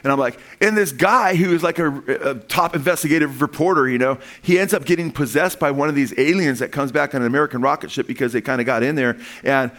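A man preaching a sermon in a loose, conversational way, often restarting phrases and building to excited emphasis. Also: fairly high pitch, fast, few pauses. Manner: animated and conversational, with frequent restarts and rising emphasis. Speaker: pastor.

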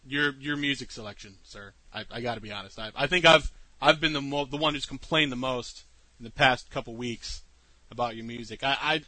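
A man's voice: medium pitch, fairly quick, pushed and bright, no echo. A man co-hosting a live show, teasing his partner and stammering through restarts. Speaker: podcast co-host. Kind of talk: casual live-show banter.

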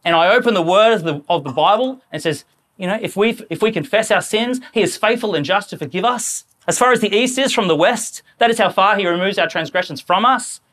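Animated conversational male preacher. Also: high voice, a little fast. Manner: animated, conversational, acts out quoted voices. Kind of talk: sermon.

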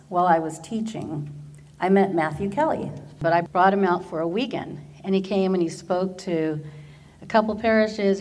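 A middle-aged woman from Orange County, California, giving a personal faith testimony as an animated storyteller who laughs often. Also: medium pitch, slight background noise. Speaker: teacher and church worker.

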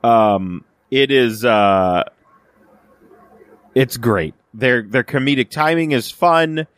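A man talks through a TV episode in casual podcast chat. He rambles, fills gaps with "um" and "uh", and restarts his sentences. The sound is dry and close, and his voice sits at a middle pitch. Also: slow pace, clear, resonant tone, dry recording. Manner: rambling, many fillers and restarts, acts out quoted lines. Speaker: podcast co-host.

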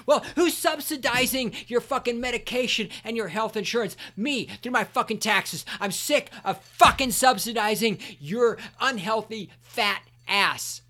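A man hosting a solo podcast, ranting angrily with constant swearing and sometimes shouting. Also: very high-pitched, normal speed, hardly any pauses. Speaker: podcast host.

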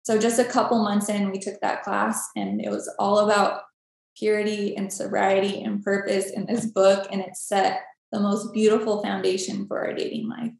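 A woman with a gravelly, creaky voice shares a personal faith testimony as a podcast guest. She tells it vividly and acts out each exchange. The recording rings with heavy room echo. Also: mid-range voice, normal speed. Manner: animated storytelling, acts out dialogue. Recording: very echoey room.

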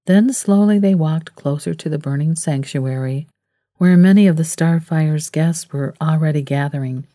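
A woman narrating a novel in a calm, measured storytelling manner. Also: sits low, no echo, studio quality. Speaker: audiobook narrator. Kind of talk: scripted narration.

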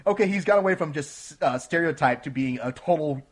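A man co-hosting a casual film review chat, talking in an excitable, animated way and often laughing. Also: on the high side, fairly quick. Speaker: podcast co-host reviewing films.

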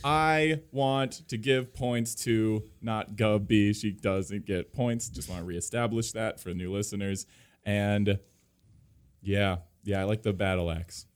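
A man hosting and directing improv comedy scenes, upbeat and quick to laugh. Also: on the low side, steady tone, smooth. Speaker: improv coach and host.

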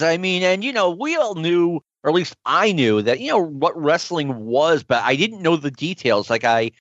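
A man in casual podcast chat, thinking out loud in an animated way. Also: on the high side, no room sound, lo-fi sound.

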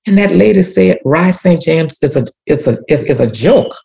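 A woman's voice: deep voice, animated, normal speed, vocal fry, dark tone. A woman telling an emotional personal story as a guest, repeating herself and speaking of prayer. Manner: emotional, repetitive, church-rooted testimony. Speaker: community activist guest.

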